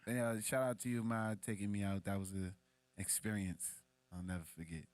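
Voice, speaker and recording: A man's voice: fairly quick, dry recording. A young man co-hosting a podcast, telling a casual story full of profanity and street slang. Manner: animated, acts out quoted voices in a much higher pitch. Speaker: podcast co-host.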